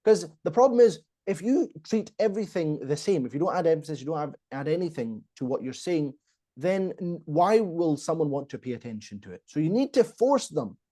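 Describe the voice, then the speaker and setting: A man coaching on public speaking in a podcast, emphatic, pausing for effect and often repeating himself. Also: fairly high pitch, lively intonation, dark tone. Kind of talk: instructive podcast talk.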